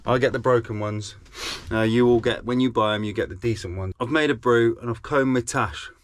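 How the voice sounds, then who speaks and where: A man's voice: mid-range voice, fairly even intonation, brisk, no echo. A man talking casually and earnestly to camera as a vlogger, often repeating himself for emphasis. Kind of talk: casual vlog chat.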